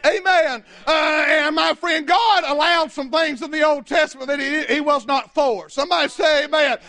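Casting note: male pastor, very high, piercing tenor, fiery shouted sermon, keeps calling for amens. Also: moderate pace. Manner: shouting preacher, repeated "amen" and "my friend".

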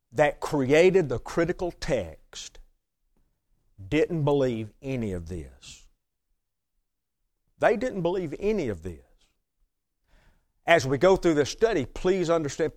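Emphatic preacher man, slow and higher. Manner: emphatic, repeats key phrases, drawn-out stresses. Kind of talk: sermon teaching from notes.

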